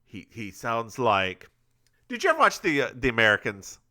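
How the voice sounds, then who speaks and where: Lively bright-voiced man chatting. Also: medium pitch, moderate pace. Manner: rambling, stop-start storytelling; says he is bad at accents. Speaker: podcast co-host. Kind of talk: casual chat recapping a TV episode.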